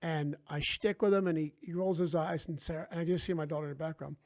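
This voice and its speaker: High-voiced animated man from New Jersey. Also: fast talker. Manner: animated, acts out quoted voices. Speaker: podcast guest, author. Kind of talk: casual storytelling chat.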